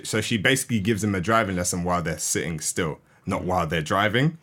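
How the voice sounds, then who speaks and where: A man hosting a podcast, casually retelling a story scene by scene with lively asides. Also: low-pitched, quick pace. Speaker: podcast host. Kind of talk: animated storytelling, casual chat.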